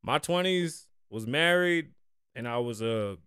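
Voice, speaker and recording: A man in his forties hosting a casual podcast, with profane, animated trash talk. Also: mid-range voice, unhurried, smooth, no echo, clean studio sound. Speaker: podcast host.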